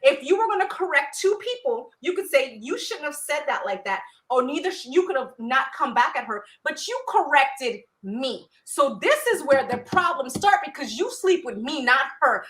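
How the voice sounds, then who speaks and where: A woman's voice: sits high, sing-song, normal speed, few pauses, a bit bright, rough recording. A woman co-hosting a podcast with her husband, talking bluntly and heatedly in casual chat. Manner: blunt, heated, plain-spoken. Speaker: podcast co-host.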